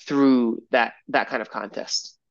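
A man co-hosting a podcast, talking in a relaxed, casual way with lots of fillers. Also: mid-range voice, takes it slowly, no echo. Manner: relaxed, filler-heavy, enthusiastic. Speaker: podcast co-host. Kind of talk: casual chat. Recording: dry, slightly muffled lo-fi audio.

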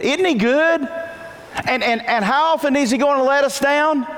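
A male pastor preaching a sermon, questioning his listeners often and slowing down to stretch quoted lines in a singsong voice. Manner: animated, singsong quoting with big pitch jumps and slowed emphasis; asks the congregation frequent questions. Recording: long reverb and faint noise in a hall.

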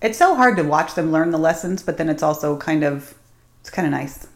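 A woman's voice: low voice, lively intonation. A woman co-hosting a casual podcast, chiming in with supportive reactions. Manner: supportive listener, quick reactions. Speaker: podcast co-host. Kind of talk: casual chat.

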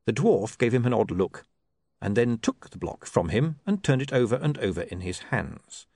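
A man's voice: mid-range voice, big pitch swings, moderate pace, vocal fry, a little mellow, no room sound. A man reading a comic novel aloud as narrator, with wry, dry storytelling. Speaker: audiobook narrator. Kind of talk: scripted narration.

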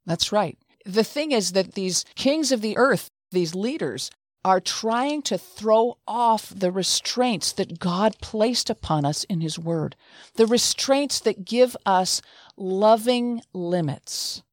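A woman's voice: medium pitch, lively intonation, slow pace, dry recording. Earnest middle-aged woman telling stories. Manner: earnest, conversational, with many restarts. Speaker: host. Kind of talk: Christian talk show storytelling.

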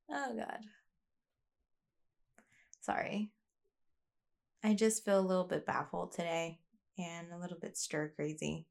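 A woman's voice: on the low side, slow, creaky, long pauses, darkish tone. A woman talking in a rambling, candid way, as a vlogger sharing a personal rant. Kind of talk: casual confessional monologue.

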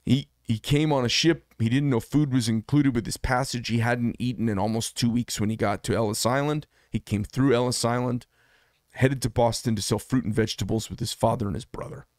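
A man's voice: mid-range voice, fairly even intonation, brisk, darkish tone, no echo, clean studio sound. A man in his fifties hosting a solo commentary show, speaking in an impassioned, emphatic way and often repeating himself for effect. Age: 50s. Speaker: podcast host.

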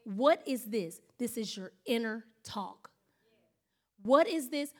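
A woman pastor preaching a sermon in an animated storytelling manner, acting out her own thoughts and laughing often. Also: fairly high pitch, takes it slowly.

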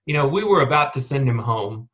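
Man reading smooth fawning schemer, slightly higher voice, coaxing, eager to please. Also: animated, a little fast, fairly bright tone, close to an everyday voice.

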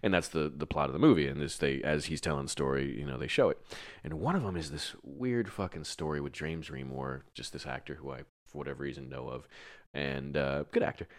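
Deep-voiced man telling a rambling story. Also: a little fast. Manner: rambling, laughs often, swears. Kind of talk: casual chat.

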